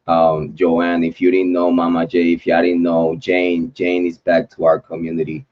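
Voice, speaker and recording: A man hosts a true crime livestream, speaking loosely and repetitively in slang and giving heartfelt shout-outs to viewers. His voice is low-pitched, and the highs are cut off.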